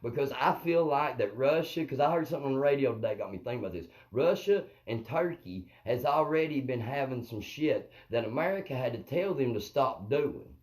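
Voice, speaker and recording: A man's voice: mid-range voice, animated, brisk, hardly any pauses, poor audio. A man rambling through a profane comic monologue on a live stream, constantly checking in with his viewers. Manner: profane, rambling, keeps asking "you know what I mean". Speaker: comedian hosting a live stream. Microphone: phone or webcam on a live stream.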